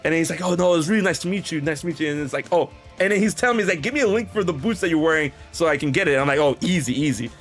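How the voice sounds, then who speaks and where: A young man hosting a podcast, telling a long story in a rambling, animated way with many restarts and quoted dialogue. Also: fairly high pitch, rapid-fire, few pauses, faint music behind. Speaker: podcast host. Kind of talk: casual storytelling chat.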